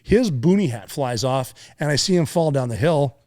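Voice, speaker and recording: A middle-aged man, a former Navy SEAL, tells a combat story in a casual interview, profane and lively, acting out voices and sound effects. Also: medium pitch, moderate pace. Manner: animated war storyteller, profane, acts out voices and sounds, laughs often.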